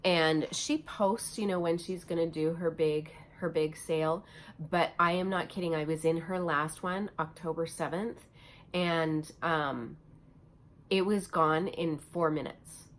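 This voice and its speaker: A woman's voice: low voice, fairly even intonation, a little slow. A woman craft vlogger chatting casually at home, gushing and chatty with lots of fillers. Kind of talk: casual show-and-tell chat.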